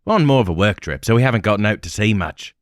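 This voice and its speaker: A man plays an easygoing young New Zealand traveler, relaxed and quirky in manner, lifted a little above his own low register. The sound is dry and close-miked. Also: quick pace, dry recording, natural voice.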